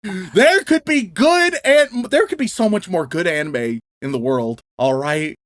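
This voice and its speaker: A man's voice: sits high, lively intonation, a little slow, dry recording, clean studio sound. Exasperated, swearing man ranting. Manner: profane, exasperated, laughs and shouts mid-rant. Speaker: podcast co-host. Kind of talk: casual ranting chat.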